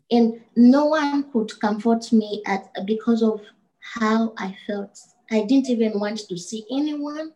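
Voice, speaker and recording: A woman tells her personal testimony at a very slow pace. She speaks in a halting, emotional way and often restarts her sentences. Her voice sits at a middle pitch. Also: mellow, low-quality recording. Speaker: guest sharing her testimony.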